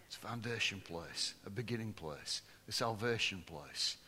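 A man preaching a sermon to a congregation, swinging between loud, lively passages and low, hushed ones. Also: normal speed, a little hiss or hum. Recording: long hall reverb.

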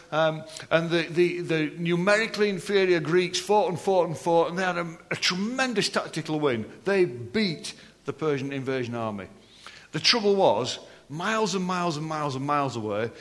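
A man preaching a sermon, animated and joking with the congregation between readings. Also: a little high. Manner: animated, jokey asides with the congregation. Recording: long hall reverb.

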